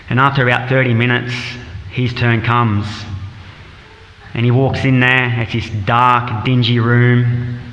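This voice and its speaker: A man telling an anecdote to a temple class, slipping into the voices of his characters. His voice sounds dull and muffled, with a long echo off the walls of a large hall and faint noise underneath. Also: medium pitch. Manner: lively anecdotal storytelling, acts out quotes. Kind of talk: storytelling scripture class.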